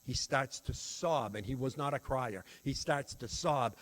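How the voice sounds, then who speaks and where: A man's voice: medium pitch, big pitch swings, measured pace, hardly any pauses. An older man giving a workshop talk on teaching children, telling a personal story in an earnest, reflective way. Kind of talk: storytelling lecture.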